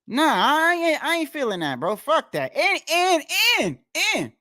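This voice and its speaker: A man's voice: very high voice, huge pitch swings, unhurried, hardly any pauses, pushed and bright, no echo, studio quality. A man ranting casually about boxing rankings, profane and repetitive, tired after a long day and talking straight to his viewers. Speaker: boxing commentator.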